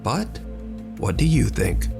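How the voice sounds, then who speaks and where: A man narrating a compilation video in a measured, storytelling way. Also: mid-range voice, sing-song, creaky. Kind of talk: scripted narration. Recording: played clip with music behind.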